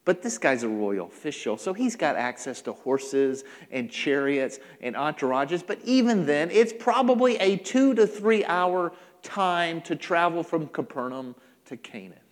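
Brief: male pastor, slightly high voice, punchy repeated phrases, long church-hall echo. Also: animated, measured pace, few pauses. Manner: emphatic preaching with repetition, acting out quotes. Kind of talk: sermon. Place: church sanctuary.

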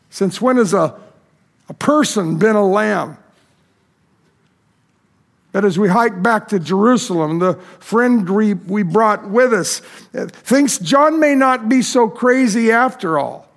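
Male pastor, high voice, dramatic storytelling sermon. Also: expressive, a bit bright. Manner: vivid, dramatic storytelling with pauses.

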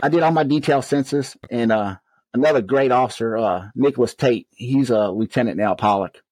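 A middle-aged man, a correctional officer, telling his story as an animated interview guest. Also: mid-range voice, fairly quick, dry recording, low-quality recording. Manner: animated storyteller who acts out quoted exchanges.

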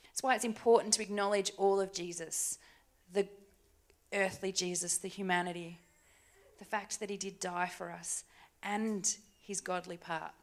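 A woman preaching a sermon in a church, talking conversationally with tag questions and dropping to soft, hushed asides. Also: mid-range voice, fairly even intonation, moderate pace. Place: church stage.

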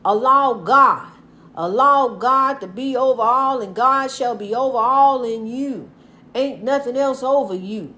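A woman's voice: on the high side, measured pace, sharp tone. An older woman, a grandmother, giving casual inspirational advice about God in a folksy, repetitive way, calling the listener honey. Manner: preachy, God-centered encouragement.

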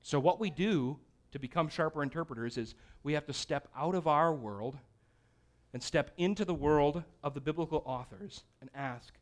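High-voiced man teaching Bible study. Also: normal speed. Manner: energetic, checks in with listeners often.

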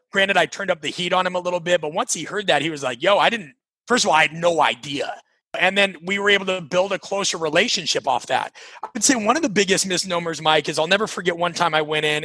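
Guy from nebraska, coaching author, punchy bright voice, dry close mic, acts out the dialogue in his stories. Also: high voice, no room sound, rough recording. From Nebraska, USA. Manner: energetic, emphatic, acts out quoted dialogue. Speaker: coaching author and podcast guest. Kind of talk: conversational interview storytelling.

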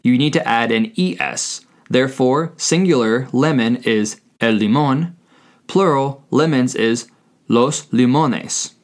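A man teaching a scripted language lesson, speaking deliberately and spelling words out letter by letter. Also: mid-range voice.

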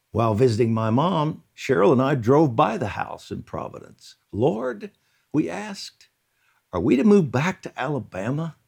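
A man reading a prayer account aloud in a slow, earnest devotional style, lifting his voice on quoted lines. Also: mid-range voice, creaky, a little mellow.

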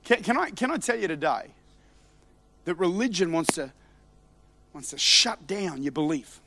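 A male preacher giving a passionate sermon who swings from loud shouting to quiet asides and often repeats words as he goes. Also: high-pitched, very animated, normal speed.

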